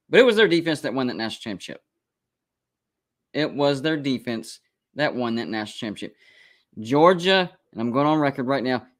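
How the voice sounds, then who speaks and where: A college football show host runs a live stream in a mid-range, slightly bright voice, offering casual sports commentary. He gets emphatic and repetitive as he defends his predictions.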